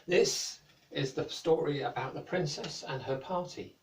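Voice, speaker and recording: A British man narrating a children's story in a gentle, playful, lilting way. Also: on the high side, unhurried, noisy background. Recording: echoey room, mic at a distance.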